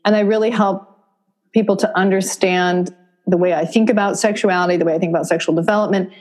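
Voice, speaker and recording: A woman from Vermont, a therapist, explaining her courses to an interviewer in a steady, explanatory way. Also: mid-range voice, quick pace. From Vermont, USA. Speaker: therapist and course creator, guest. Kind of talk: interview answers.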